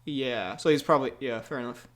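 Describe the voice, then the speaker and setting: A man's voice: medium pitch, a little fast, a bit bright. A man co-hosting a casual podcast chat, rambling with fillers and laughing often. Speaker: podcast co-host.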